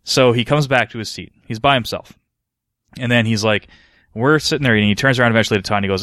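A man's voice: on the low side, fairly quick, fairly bright tone, no room sound, studio quality. A man from Canada, a podcast co-host, telling a rambling story in casual chat, swearing freely.

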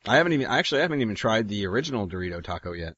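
Laid-back male co-host, lower voice, dull dry audio. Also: sing-song, very fast, a bit bright. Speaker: podcast co-host. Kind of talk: casual chat.

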